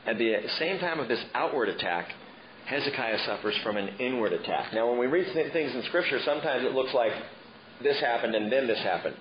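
Male pastor, animated sermon with joking asides, bouncy pitch, muffled and noisy recording. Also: fairly quick. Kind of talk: expository sermon. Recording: muffled with steady background noise.

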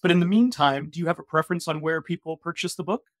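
A man's voice: fairly high pitch, fast talker, no room sound, clean studio sound. A man hosting a podcast, chatting in a friendly way with his guest and asking questions. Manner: friendly, chatty interviewer with restarts. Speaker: podcast host. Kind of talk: podcast interview.

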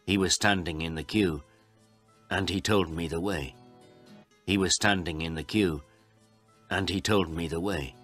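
A man narrating a learner's storybook in a slow, clear, deliberate way. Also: sits low, fairly even intonation, fairly bright tone, faint music behind.

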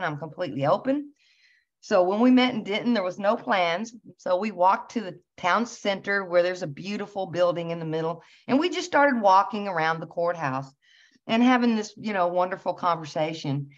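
A woman host telling a personal story in a casual, animated way, laughing as she recounts it. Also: medium pitch. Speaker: channel host. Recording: slightly dull lo-fi recording.

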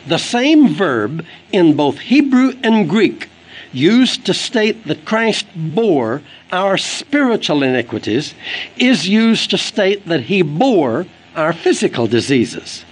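Husky-voiced man preaching with lively emphasis. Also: high voice, slow, poor audio. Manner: earnest, emphatic preaching that quotes scripture. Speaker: evangelist preacher. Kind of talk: recorded sermon read for an audio book.

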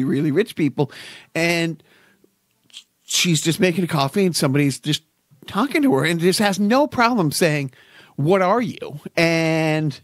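A man co-hosting a podcast in casual chat, telling stories with lots of restarts and animated bursts. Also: a little high, dry recording, clean studio sound. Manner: rambling storyteller, many restarts, animated. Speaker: podcast co-host.

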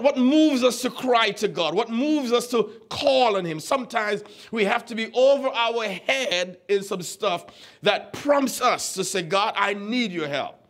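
Casting note: man with a high voice, a pastor teaching from the pulpit in a loose storytelling way that stumbles over words. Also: fairly bright tone. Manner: conversational, stammers and repeats words, quizzes the congregation. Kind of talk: teaching sermon with stories.

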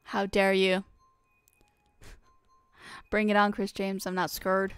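A woman's voice: medium pitch, monotone, slow pace, clean tone, no room sound, faint music behind. A young woman streaming a racing game, chatting casually and playfully teasing her viewers. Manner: playful, teasing, talks straight to chat. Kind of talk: casual live-stream gaming chat.

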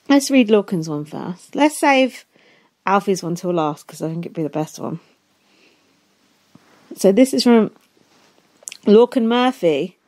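A woman's voice: lowish voice, mellow. A young woman hosting a podcast on her own, chatting casually, swearing freely, laughing often and reading listener emails aloud. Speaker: podcast host. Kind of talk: casual solo podcast chat.

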